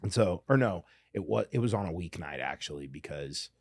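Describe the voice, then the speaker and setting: A man's voice: low voice, fairly quick, husky, no room sound. Man telling a fight story, dry sound. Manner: animated, restarts a lot, says "you know what I mean". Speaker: podcast guest, fighter. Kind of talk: casual storytelling.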